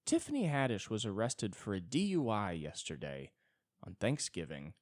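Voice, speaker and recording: Low-voiced rambling man, very animated. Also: moderate pace, no room sound, clean studio sound. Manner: rambling, self-deprecating, swings into sudden high-pitched bits. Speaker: podcast host. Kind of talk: solo comedic monologue.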